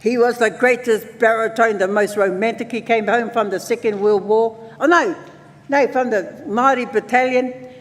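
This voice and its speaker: A man in his seventies with a New Zealand accent, speaking at a conference as a lively storyteller who mixes in Māori words. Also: extremely high pitch, moderate pace. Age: 70s. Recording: long hall reverb.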